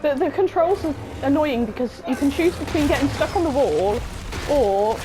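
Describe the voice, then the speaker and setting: A young woman, commentating on a game she is playing, excitable and swearing often, with a sore throat. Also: sits high, normal speed, poor audio. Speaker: game streamer. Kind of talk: let's-play commentary.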